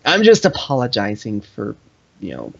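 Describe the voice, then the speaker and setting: A man's voice: lowish voice, huge pitch swings, normal speed, vocal fry, highs cut off. A man casually hosting a live stream, reading viewer comments aloud and joking around. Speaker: live stream host answering chat.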